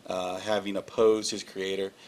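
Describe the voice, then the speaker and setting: A man's voice: low voice, flat delivery, moderate pace, slight background noise. A man co-hosting a talk show, agreeable and chatty. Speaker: co-host. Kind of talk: casual talk show chat.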